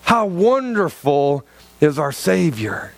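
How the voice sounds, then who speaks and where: In a church, a man preaches an impassioned, repetitive sermon, acting out quoted lines and swinging between loud and soft. His voice is a little high, sing-song, slow, and creaky, with no echo.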